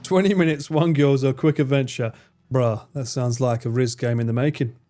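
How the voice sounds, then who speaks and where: British streamer guy chatting and swearing, mellow voice, soft guitar in the background. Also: medium pitch, fairly even intonation. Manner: banter with chat, frequent swearing, quick jokes. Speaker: live streamer. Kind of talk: casual live-stream chat. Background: faint guitar music.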